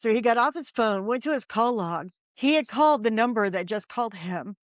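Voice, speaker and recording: A woman's voice: on the high side, expressive, brisk, no room sound, studio quality. A woman who investigates the paranormal, a podcast guest telling a story in a rambling, casual way with many ums and likes.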